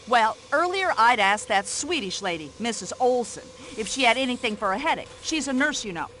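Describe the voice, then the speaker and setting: A brash older American widow in a mystery game, with an American accent and a fussy, indignant manner. Her voice is bright and high, and it swoops all over as she complains. She chatters on with nosy opinions. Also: sing-song, a little fast, a little hiss or hum. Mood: gossipy. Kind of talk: video game voice acting.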